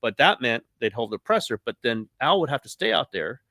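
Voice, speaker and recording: Man telling animated stories, bright dry voice. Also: medium pitch, fairly quick, creaky, no room sound. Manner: animated, laughing anecdotes with quoted asides. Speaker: sports columnist guest. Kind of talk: casual podcast storytelling.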